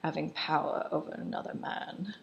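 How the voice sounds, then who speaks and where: A scheming, jailed male aristocrat taunts his captors in a mocking, theatrical tone, as a woman quotes him while recapping a film. The voice is low with a gravelly edge, and the recording sounds dull. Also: fairly even intonation, moderate pace, slight background noise.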